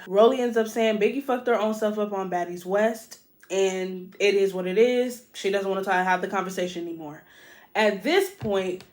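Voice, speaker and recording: A woman hosting a podcast, recapping a reality show in a casual, profane, animated way and talking straight to listeners. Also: medium pitch. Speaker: podcast host.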